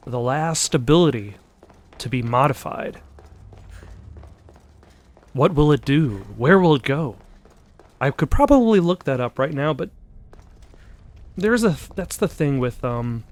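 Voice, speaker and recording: A man's voice: mid-range voice, animated, a little slow, long pauses. A young man, out of breath, rambling through casual gameplay commentary with many ums and uhs. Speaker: let's play host.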